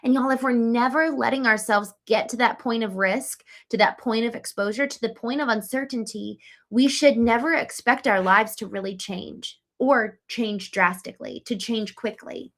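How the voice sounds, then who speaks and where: A woman's voice: fairly high pitch, moderate pace, fairly bright tone. A woman hosting a casual livestream, talking earnestly and reflectively and reading out chat comments, with frequent ums and likes. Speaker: livestream host.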